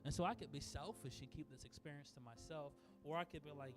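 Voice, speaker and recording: A male pastor preaching in a church, his voice a touch higher than most men's. He tells stories and talks to the congregation like friends, jumping from loud bursts to soft asides. Quiet instrumental music sits faintly behind him. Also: fast talker. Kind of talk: conversational sermon. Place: church sanctuary.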